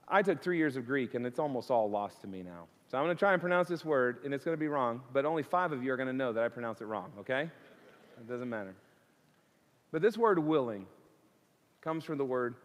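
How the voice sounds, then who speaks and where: A man's voice: medium pitch, animated, a little fast, pauses often. A male pastor preaching an earnest sermon, building intensity through repeated phrases. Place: church sanctuary. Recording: long church reverb.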